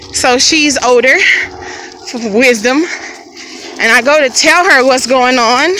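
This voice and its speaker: A woman's voice: fairly high pitch, sharp tone, a little hiss or hum, rough recording. A woman vlogger telling a personal story outdoors by a lake, frank and conversational, speaking straight to her viewers. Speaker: family vlogger.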